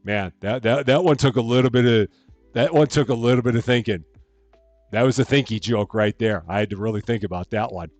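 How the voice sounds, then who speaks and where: A man casually chatting on a live game stream, reading chat aloud and greeting viewers while projecting a bit louder than normal from his room. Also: mid-range voice, brisk, no room sound, faint music behind. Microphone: headphones on, desk mic.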